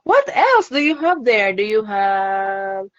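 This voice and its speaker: A woman's voice: mid-range voice, very animated, slow, muffled recording. A woman teaching an online phonics lesson to a child, cheerful and encouraging, laughing often.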